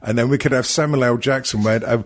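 A man with a husky, slightly breathy voice, bantering crudely with friends on a podcast. He rambles, restarts his sentences and drops fillers as he riffs on silly ideas. His pitch sits in an ordinary middle range. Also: fairly even intonation, fast talker. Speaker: podcast co-host.

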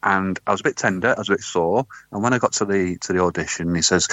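A man in crude comedic banter, telling stories deadpan and swearing freely. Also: sits low, quick pace, few pauses, no echo, lo-fi sound.

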